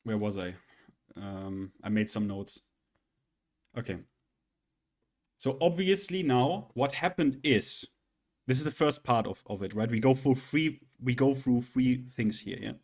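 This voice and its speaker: A man's voice: mid-range voice, expressive, a little slow, long pauses, darkish tone. A man talks into his desk mic during a live stream, his voice sitting in a middling register. He rants loosely and profanely, exasperated, circling back and restarting his sentences. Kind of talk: casual live-stream rant.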